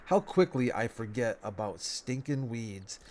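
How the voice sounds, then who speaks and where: A man, sounding stuffed up, giving relaxed, rambling commentary over a game as a let's play host, talking half to himself with folksy phrases. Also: mid-range voice, a little slow, background noise. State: stuffed up nose. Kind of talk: casual gameplay commentary.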